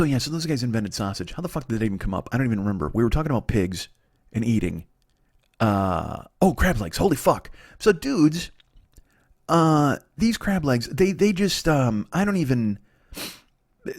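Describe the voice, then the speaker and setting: A man in his forties hosting a comedy podcast, riffing through a profane, excitable monologue. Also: medium pitch, no echo, clean studio sound. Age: 40s.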